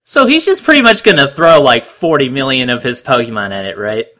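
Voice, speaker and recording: A man co-hosting a casual watch-along commentary, animated and jokey, swearing casually. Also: medium pitch, fairly quick. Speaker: commentary co-host.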